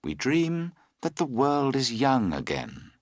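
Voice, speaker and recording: Slow, expressive male storyteller. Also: mid-range voice, no room sound, clean studio sound. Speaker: audiobook narrator. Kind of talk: scripted narration for English learners.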